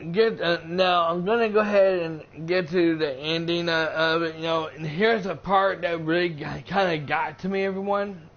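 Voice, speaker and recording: High-voiced man rambling through a movie recap. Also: lo-fi sound. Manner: rambling, full of fillers and restarts. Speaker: gaming streamer reviewing a movie. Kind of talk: casual spoken movie recap on a live stream.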